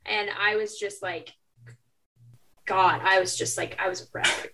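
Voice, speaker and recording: A woman's voice: mid-range voice, steady tone, unhurried, bright, forceful tone. A young woman co-hosting a book podcast in casual chat, retelling scenes emphatically. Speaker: podcast co-host.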